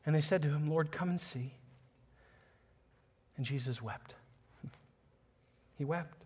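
Man, pastor, sermon, scripture reading, earnest, passionate, slightly high voice. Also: takes it slowly, husky. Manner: earnest, builds to passionate emphasis; reads scripture aloud, chuckles softly.

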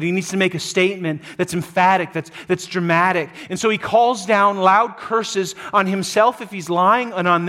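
In his sermon, a male pastor brings a scripture story to life, alternating booming emphasis with soft, low remarks and frequently saying words again.

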